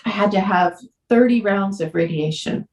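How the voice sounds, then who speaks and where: A woman podcast guest candidly telling a personal story, earnest and emotional, sometimes halting. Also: medium pitch, darkish tone, distant mic. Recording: roomy echo.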